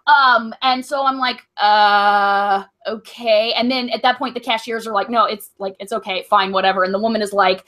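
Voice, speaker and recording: A woman's voice: mid-range voice, fairly even intonation, moderate pace, few pauses, a bit bright. A young woman co-hosting a comedy podcast, telling a long story in a rambling way full of likes and ums. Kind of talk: casual storytelling chat.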